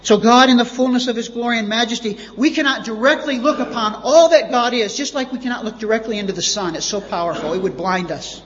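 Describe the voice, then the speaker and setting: A man's voice: extremely high pitch, fast talker, few pauses, a bit bright, a little hiss or hum. A man preaching a sermon as pastor, emphatic and repeating words for stress. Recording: dull lo-fi audio with long reverb.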